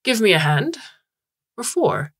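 A woman's voice: a little high, very animated, takes it slowly, breathy edge, no room sound, clean studio sound, voice pushed up, exaggerated voice. A woman voicing a small, rotund, cheerful man who digs canals, breezy and chatty in an audiobook reading.

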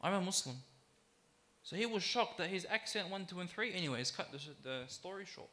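A man giving a sermon as a sheikh. He talks emphatically, repeats phrases for weight, slows to stress key words and calls the audience brothers and sisters. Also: high voice, expressive, pushed and bright. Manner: emphatic, with deliberate repetition. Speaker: sheikh giving a religious talk.

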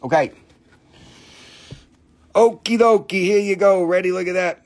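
A high-voiced man from the Appalachian US talks fairly quickly in a steady tone while hosting a live crystal sale. He prices stones with jokes, free swearing, and the occasional silly voice, keeping the sales chat casual.

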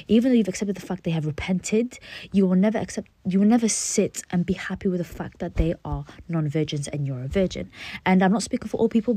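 Breathy low-voiced woman, half-whispering. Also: dark tone, no room sound. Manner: earnest, rambling, half-whispered. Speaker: social media creator. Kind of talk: late-night talk to camera.

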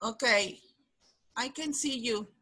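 High, bright woman teacher on a video call. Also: takes it slowly, husky. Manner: encouraging, calls on pupils by name. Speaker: English teacher. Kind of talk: online class quiz game.

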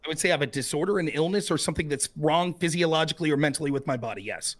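A man answering questions in a debate with short, measured replies. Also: a little high. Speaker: debate guest.

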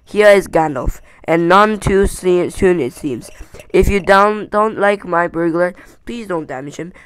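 A home reader voicing a calm but stern old wizard who speaks firmly. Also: medium pitch, a little slow, clean tone, no room sound, lightly acted, rough recording.

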